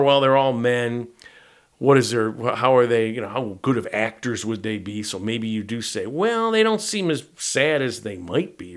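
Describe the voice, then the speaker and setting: This is a tabletop game master, a middle-aged man whose voice sits at medium pitch with a touch of brightness. His explanation of the game module wanders conversationally, peppered again and again with "right?".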